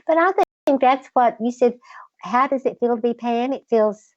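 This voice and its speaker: An older woman with a Southern accent, a guest in a relaxed interview, talking in a slow, patient drawl with a slightly girlish voice. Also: on the high side, no room sound, lo-fi sound. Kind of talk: casual interview chat.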